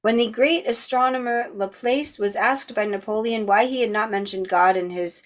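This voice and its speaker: This book club host reads philosophy aloud in a voice on the high side, at a moderate, even pace with hardly any pauses. Occasionally she breaks away for chatty, casual asides.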